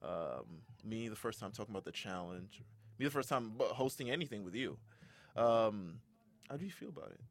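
A man's voice: lowish voice, sing-song, fairly quick. A young man hosting a casual podcast, talking in a rambling way with fillers and laughs. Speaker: podcast host.

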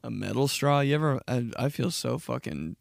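Profane, animated young man ranting. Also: normal speed, creaky, dry recording. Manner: profane, animated, acts out mocking quotes in shrill voices. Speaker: podcast host. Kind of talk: casual solo podcast rant.

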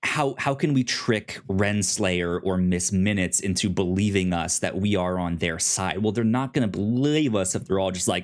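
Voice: deep voice, moderate pace, few pauses. A podcast co-host chatting casually about a TV episode, rambling with many fillers and restarts. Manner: rambling, full of fillers and restarts, acts out quotes in silly voices.

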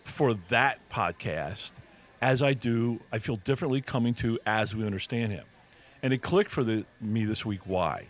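A man's voice: fairly low pitch, moderate pace. Reflective man co-hosting a coffee chat. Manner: reflective, thinks aloud with restarts. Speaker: podcast co-host. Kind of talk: casual chat.

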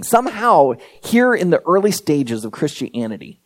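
A man's voice: on the high side, sing-song, normal speed, hardly any pauses. A man preaching a sermon as pastor, conversational and unpolished, with frequent fillers and restarts, building to emphatic points.

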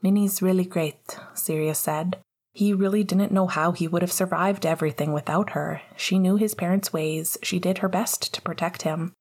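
A woman reading a story aloud in a calm, measured, soft manner. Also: on the low side, husky. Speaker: audiobook narrator. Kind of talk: reading fan fiction aloud.

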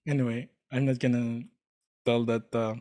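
A man in casual chat, telling a story earnestly and with enthusiasm, often pausing to search for words. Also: medium pitch, flat delivery, mellow.

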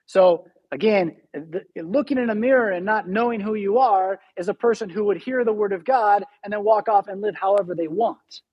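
A male pastor delivers a sermon in a relaxed, talky way. His voice carries a slight husky grain, and he slows down to stress each scripture line. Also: sits high, dull audio. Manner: conversational preaching, reads scripture slowly and emphatically.

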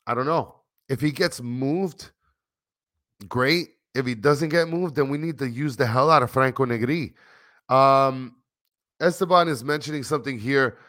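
A man, hosting a casual postgame fan livestream, animated and rambling as he reads chat comments aloud. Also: medium pitch, dry recording, studio quality. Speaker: soccer fan show host.

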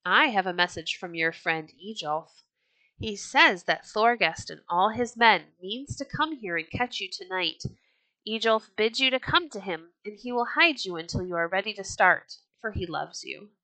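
A woman voicing a hurried stranger delivering an urgent warning in a storybook reading. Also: medium pitch, expressive, bright, forceful tone, no room sound, poor audio.

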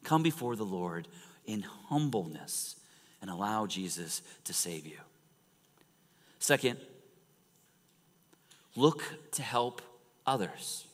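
A man preaching a sermon in a church, animated and storytelling, swinging from loud emphasis to hushed near-whispers. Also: on the high side, moderate pace. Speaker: pastor. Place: church sanctuary. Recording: long reverb of a large church hall.

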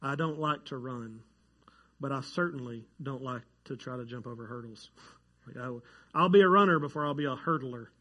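A man preaching a sermon to his church, chatty and joking with the congregation, growing excited over facts that surprise him. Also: medium pitch, moderate pace, dull audio. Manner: conversational, jokes with the congregation, gets animated over surprising facts. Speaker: pastor. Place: church sanctuary.

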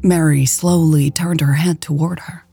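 A woman narrating a romance story in a calm, even storytelling voice. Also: deep voice, a little slow, gravelly, husky, faint music behind. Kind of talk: scripted audiobook narration.

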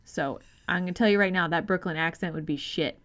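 Wisecracking woman co-host, lowish voice. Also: a bit bright. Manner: quick reactions, swears freely, laughs easily. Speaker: podcast co-host. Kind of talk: casual film-review chat.

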